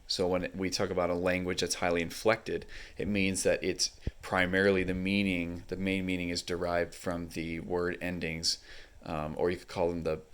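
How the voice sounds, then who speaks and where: A man's voice: low voice, smooth. A man casually reviewing a book as he leafs through its pages, explaining unhurriedly with frequent fillers.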